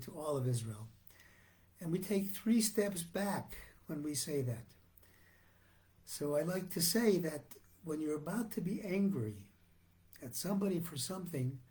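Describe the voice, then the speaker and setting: A man speaks as a rabbi giving a sermon in an earnest, measured way, often restarting his phrases. His voice is somewhat high yet mellow and warm in tone. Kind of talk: sermon on the weekly Torah portion.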